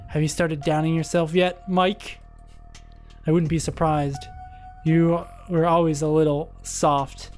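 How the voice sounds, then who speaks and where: A woman's voice: deep voice, level tone, unhurried, darkish tone, soft background music. A woman voicing a sinister male double who taunts smugly. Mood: taunting. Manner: taunting, smug. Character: sinister male double with glowing red eyes.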